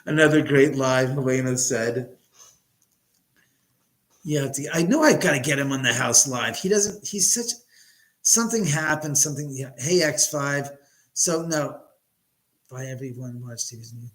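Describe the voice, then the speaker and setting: A man hosting a casual live stream from his home, loud, joking and profane as he reads out chat comments. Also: medium pitch, a little slow, long pauses, poor audio.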